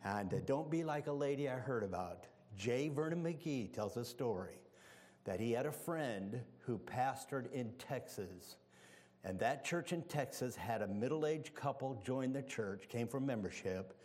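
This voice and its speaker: A man's voice: medium pitch, expressive, measured pace, darkish tone, in a large hall. A man preaching as a visiting evangelist, telling folksy stories with humor and praying fervently in a church sanctuary. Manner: fervent prayer. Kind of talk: sermon.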